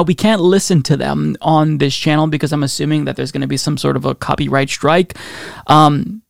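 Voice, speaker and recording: A man with a fairly high, gravelly voice hosts a podcast, talking casually with dry sarcasm and mocking asides. The sound is close and dry, with no room around it. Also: no room sound. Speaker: podcast host. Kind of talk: casual commentary reading song lyrics.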